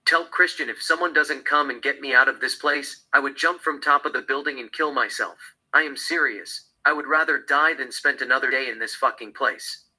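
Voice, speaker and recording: A man's voice: mid-range voice, moderate pace, bright, forceful tone, husky, low-quality recording. A man reading the lines of a distraught woman in rehab in his own plain voice. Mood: desperate.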